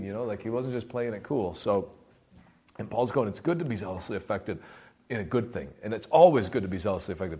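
A man's voice: on the low side, darkish tone. A man preaching a sermon in a conversational, impassioned way, rising into bursts of fervor.

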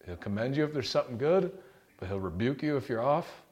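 A man preaching a sermon, rebuking forcefully and reading scripture with emphasis. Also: medium pitch, lively intonation, fairly quick.

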